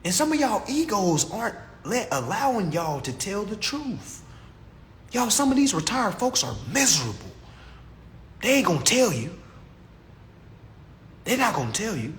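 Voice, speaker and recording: High-voiced, animated ranting man. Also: normal speed, pauses often, a little hiss or hum. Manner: animated, preachy, mocking. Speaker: vlogger. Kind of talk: comedic rant.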